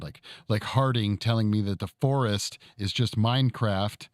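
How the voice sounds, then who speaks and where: A man in his thirties hosting a casual chat stream from his studio while he sculpts, relaxed and quick to chuckle. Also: on the low side, no echo. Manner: laid-back, chuckles often, trails off. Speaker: streamer host. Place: home studio.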